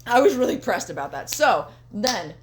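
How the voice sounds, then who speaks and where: Young woman, casual podcast chat, swears a lot, lively, slightly high voice. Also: moderate pace. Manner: animated, profane, laughing storyteller. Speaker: podcast co-host.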